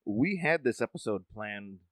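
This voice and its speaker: A man's voice: lowish voice, animated, normal speed, fairly bright tone, no room sound, rough recording. A man co-hosting a casual podcast over a video call, talking in a wry, easygoing way with some swearing. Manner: laid-back, wry and swearing. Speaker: podcast co-host.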